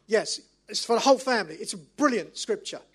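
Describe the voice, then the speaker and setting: Man putting on a gushing excited mum. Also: high-pitched, brisk, husky, full character voice. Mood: insistent. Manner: breathless, eager, insistent. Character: gushing excited middle-aged mother.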